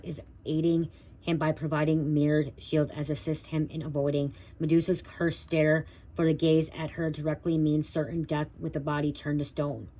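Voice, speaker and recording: A woman's voice: low voice, warm tone, low-quality recording. A woman doing a live card reading for viewers, stumbling as she reads the guidebook text aloud and breaking off to talk to them directly. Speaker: tarot reader.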